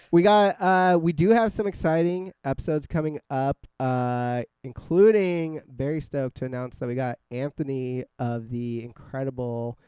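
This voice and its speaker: A man's voice: medium pitch, fairly even intonation, a little slow, mellow, smooth, dry recording. A man hosting a podcast in casual chat, joking and swearing easily as he reads out quiz questions. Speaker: podcast host. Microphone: scarf-wrapped microphone.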